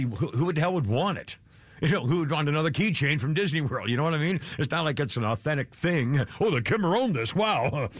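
A man's voice: fairly high pitch, fairly bright tone, dry recording. An older man hosting a radio show, chatting casually in a rambling, exasperated, self-deprecating way.

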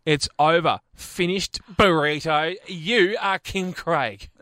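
A man's voice: a little high, takes it slowly, bright, forceful tone, no echo, studio quality. A man with an Australian accent hosting a radio show, bantering playfully and reading out quiz questions. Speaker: radio host.

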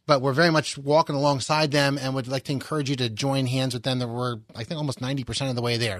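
A man's voice: medium pitch, fairly bright tone, dry recording, clean studio sound. A man hosting a radio talk show, casual and upbeat, plugging giveaways and a website between segments. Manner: casual, upbeat promo delivery with fillers. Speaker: radio host.

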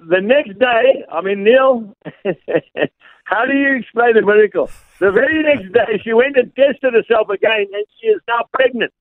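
A South African man, an evangelist, telling stories earnestly with many pauses and fillers over a phone line. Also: very high-pitched, dry recording. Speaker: guest evangelist.

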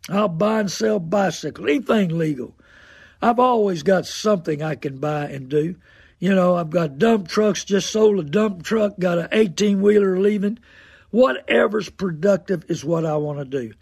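Gravelly-voiced older man preaching thrift. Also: high-pitched, darkish tone, no echo, clean studio sound. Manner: folksy, preachy, repeats phrases for emphasis. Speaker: radio host and car dealer. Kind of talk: folksy on-air monologue.

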